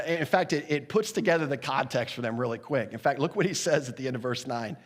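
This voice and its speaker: A man preaching a sermon as pastor, lively and conversational, briefly acting out the voices of the characters in his story. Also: medium pitch. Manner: animated, acts out the sailors' voices with laughs. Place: church sanctuary. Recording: long hall reverb.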